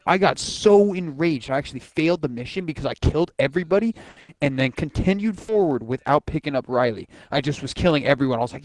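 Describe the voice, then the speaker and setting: A young man hosting a casual podcast, talking excitedly and swearing often, acting out game scenes in quick voices. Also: mid-range voice, no echo. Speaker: podcast host. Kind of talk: casual chat.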